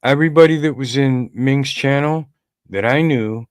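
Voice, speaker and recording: A man's voice: medium pitch, normal speed, smooth, no echo, clean studio sound. A man co-hosting a podcast livestream, rambling casually and greeting chat viewers by name. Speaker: podcast co-host.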